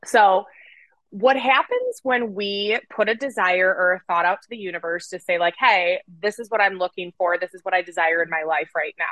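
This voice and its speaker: A woman co-hosting a podcast, talking casually with an energetic, playful and profane manner. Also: lowish voice, normal speed, dry recording, low-quality recording. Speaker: podcast co-host.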